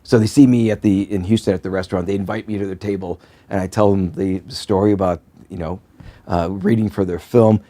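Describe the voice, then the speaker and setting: A man's voice: low voice, steady tone, fairly quick, mellow. Rambling, laughing man from Wisconsin. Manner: rambling, laughs often, loses his thread. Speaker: podcast guest. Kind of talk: casual podcast chat.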